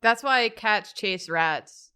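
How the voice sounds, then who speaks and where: A woman's voice: mid-range voice, lively intonation, slow, sharp tone, smooth. A woman chatting while drawing, teasing the others playfully. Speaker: show host and artist. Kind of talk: casual chat while drawing.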